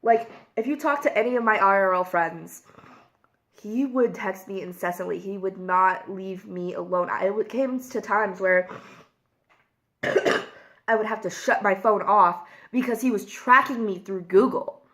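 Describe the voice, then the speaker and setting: Young woman, unhurried delivery, candid confessional vlog talk, filler-heavy. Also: medium pitch, fairly bright tone. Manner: candid, emotional, many "like" fillers. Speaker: vlogger. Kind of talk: casual confessional vlog while eating.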